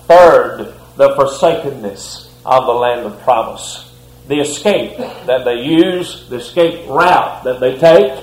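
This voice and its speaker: A man preaching a sermon with impassioned delivery, swinging widely in pitch and loudness. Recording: echoey room.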